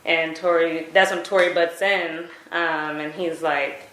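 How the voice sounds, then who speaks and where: A woman's voice: sits low, steady tone, unhurried, hardly any pauses, fairly bright tone. A woman giving a recorded statement, retelling events hesitantly with many fillers. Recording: echoey room recording.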